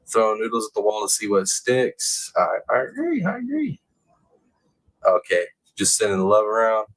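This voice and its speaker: A man hosting a casual true crime livestream, reading chat comments aloud and bursting into excited, high-pitched exclamations. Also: normal speed, rough recording. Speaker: livestream host.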